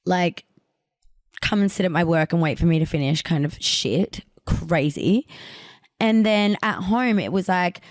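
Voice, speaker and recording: A woman's voice: lowish voice, measured pace, no room sound. Blunt young woman, dry close sound. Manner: frank and blunt, heavy on fillers like "like". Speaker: podcast host. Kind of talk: candid personal monologue.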